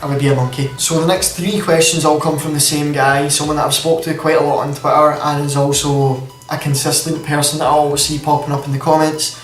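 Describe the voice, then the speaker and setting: With a fairly high, fairly flat voice, a Scottish gaming YouTuber in his twenties speaks a little fast and rarely pauses as he chats through a home Q&A vlog at night. He rambles and leans heavily on fillers. The camera sits on a tripod at a distance, so the sound is roomy and poor, with faint music in the background.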